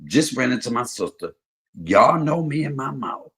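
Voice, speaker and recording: A man hosting a livestream, telling stories in casual chat, swinging between loud and soft. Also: medium pitch, big pitch swings, moderate pace. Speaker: livestream host.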